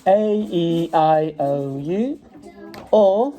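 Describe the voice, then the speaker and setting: With a Staffordshire Midlands accent, a man patiently teaches English phonics at home, drawing out and repeating vowel sounds while children are present in the dining room. His voice is on the high side, slow and warm with lively intonation, captured roughly on a mobile phone propped on the dining table.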